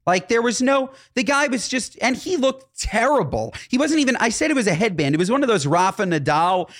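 A man's voice: very high voice, animated, brisk, fairly bright tone. A man in casual podcast chat who talks emphatically and boasts.

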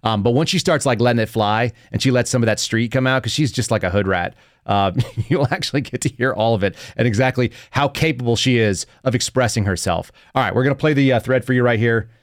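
A man's voice: mid-range voice, fast talker, no echo, clean studio sound. A man in his thirties hosting an opinionated podcast, mocking and laughing often as he rants. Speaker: podcast host.

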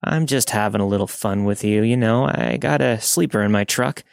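A man's voice: fairly low pitch, moderate pace, gravelly, no room sound. A man reading the lines of a pushy, leering middle-aged male trucker with a Southern drawl, in a dry close recording. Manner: leering, drawling, turns crude and aggressive.

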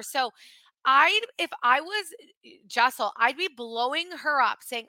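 A woman in her thirties co-hosting a casual chat podcast, animated and quick to act out her own reactions. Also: sits high, no echo. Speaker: podcast co-host.

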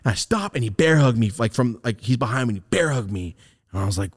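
A young guy hosting a podcast rattles off a story at a quick clip, swearing casually and performing the voices of those he quotes with large pitch jumps. Studio quality, no echo.

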